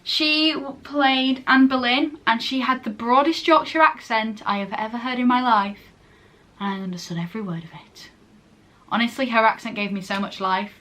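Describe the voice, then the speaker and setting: Her voice fairly high and sharp-toned, moving at a moderate pace, a teenage vlogger from England in her late teens chats casually, gushing on rambling tangents and cutting herself off often.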